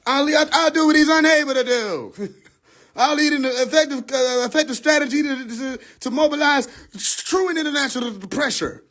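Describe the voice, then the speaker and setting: Halting old politician as a man mimics him, stammering, restarting words, high strained tone. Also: a bit bright. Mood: stumbling. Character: rambling older male politician stumbling over a speech.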